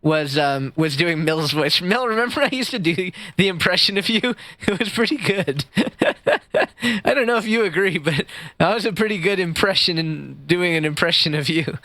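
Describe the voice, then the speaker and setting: A man's voice: fairly high pitch, animated, normal speed, a bit bright, no echo. A male livestreamer chatting casually with viewers while gaming, goofy and self-deprecating, on a close microphone. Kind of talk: casual live-stream chat while gaming.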